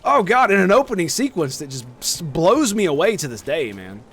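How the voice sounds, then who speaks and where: A man giving casual, profane gameplay commentary that runs on from thought to thought. His voice sits somewhat high for a man. Faint background noise runs under it. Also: fairly quick. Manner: excited, profane and rambling. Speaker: gaming streamer.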